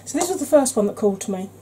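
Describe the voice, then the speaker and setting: A woman hosting a makeup tutorial, chatting in a rambling, conversational way and sometimes dropping into a soft whisper. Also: high voice, slightly rough, low-quality recording. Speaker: beauty channel host.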